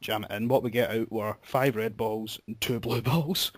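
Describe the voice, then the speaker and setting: A man's voice: on the low side, fairly even intonation, moderate pace, dry recording, studio quality. A young man hosting a podcast, telling a rambling story with swearing and laughter. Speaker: podcast host. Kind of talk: casual storytelling chat.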